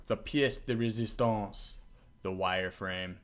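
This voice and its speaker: A man hosting a casual coding tutorial, talking to himself as he works and getting loudly excited and laughing when things run. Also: mid-range voice, unhurried.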